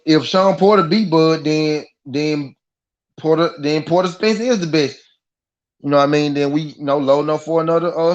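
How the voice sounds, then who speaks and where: A man's voice: a little high, lo-fi sound. A man hosting a live boxing talk stream, ranting in a heated, profane way and repeating himself for emphasis. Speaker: boxing podcast host. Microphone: live-stream mic.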